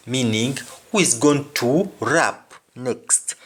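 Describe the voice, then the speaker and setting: A man's voice: medium pitch, animated, slow pace, pauses often. A man teaching vocabulary, explaining each word and repeating phrases and examples. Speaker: language teacher.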